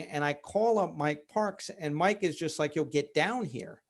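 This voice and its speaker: A man's voice: fairly high pitch, measured pace, gravelly, hardly any pauses. A man, a company founder, candidly telling a personal story in an interview, with many fillers. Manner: candid, many fillers, relives events vividly.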